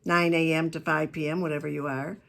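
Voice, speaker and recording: A woman giving a keynote talk on customer service, telling stories in a chatty, emphatic way with quick asides. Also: deep voice, level tone, vocal fry. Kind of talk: lively talk to a business audience.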